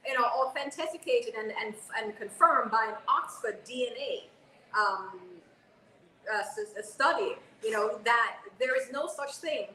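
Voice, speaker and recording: A woman in her forties co-hosting a casual panel chat, an animated storyteller who keeps checking in with "okay?". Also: fairly high pitch, a little slow, echoey room, low-quality recording. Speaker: co-host.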